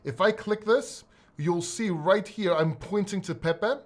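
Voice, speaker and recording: A man's voice: high-pitched, measured pace. Blunt, cursing Greek-born man. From Greece. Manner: blunt, swears freely, rambles and restarts. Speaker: crypto YouTuber. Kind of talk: casual solo video talk.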